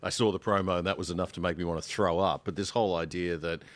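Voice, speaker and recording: Man, guest commentator, emphatic, exasperated, low voice, dry sound. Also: steady tone, quick pace, no echo. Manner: emphatic, rising into exasperated indignation. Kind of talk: casual panel discussion.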